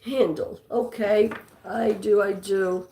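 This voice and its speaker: A woman's voice: on the high side, slow, slight background noise. Chatty New York woman, echoey room. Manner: chatty, reads and answers viewer comments. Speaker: live stream host. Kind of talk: live trivia stream, reading chat.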